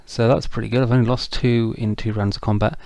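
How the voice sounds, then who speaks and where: A man's voice: mid-range voice, level tone, fast, gravelly, warm tone, dry recording. A man casually narrating a tabletop wargame battle report, chatty and self-deprecating, with frequent ums. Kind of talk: casual game recap narration.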